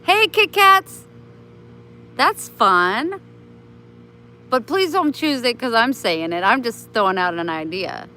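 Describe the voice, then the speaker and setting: A woman's voice: fairly high pitch, lively intonation, a little slow, sharp tone, slight background noise, rough recording. A woman chatting on a casual live stream, talking kindly and motherly to her viewers and her pets.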